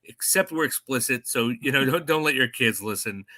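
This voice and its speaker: Lively bright-voiced man joking on a podcast. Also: medium pitch, a little fast. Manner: animated, jokey, self-mocking. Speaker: podcast co-host. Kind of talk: casual podcast chat.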